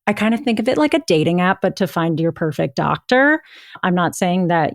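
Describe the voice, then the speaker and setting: A woman's voice: lowish voice, animated, a little fast, no echo. Woman, young adult, podcast host, chatty, playful, dry sound. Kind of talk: casual chat and host-read ad.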